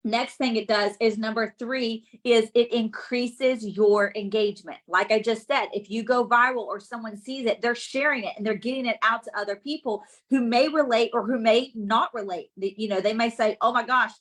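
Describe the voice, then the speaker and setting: Energetic woman coaching live on her phone. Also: on the high side, normal speed, hardly any pauses. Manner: energetic, keeps checking in with the audience. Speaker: business coach. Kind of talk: live-streamed coaching talk to followers.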